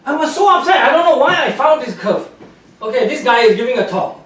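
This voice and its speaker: A man with a very high voice lectures an audience, animated and scornful, and laughs at his own points as he goes. His English has loose, non-native grammar. He sounds far from the mic, and the hall rings with a strong echo. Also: fairly quick. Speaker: guest speaker, scientist. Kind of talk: public lecture with slides.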